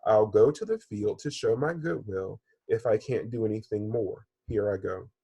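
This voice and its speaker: A kind little raindrop from a children's storybook speaks gently and earnestly, as a male teacher reads it aloud. The voice is lifted a touch above his normal pitch and stays husky. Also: normal speed, no room sound.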